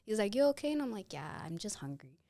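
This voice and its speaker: Speaking briskly in a gravelly, medium-pitched voice with no echo, this woman in her twenties is a podcast guest on a close mic. She tells a casual story with lots of energy, voicing each character in it.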